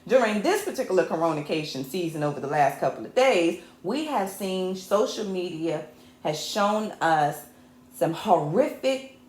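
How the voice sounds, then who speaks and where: Woman host, low-ish voice, fired up and joking, live show from an echoey home set. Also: animated, moderate pace, a little mellow. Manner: impassioned and fired up, mixing jokes with anger; chatty, addresses viewers as y'all. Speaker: host and technical producer. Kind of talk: livestreamed talk show monologue. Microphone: camera mic.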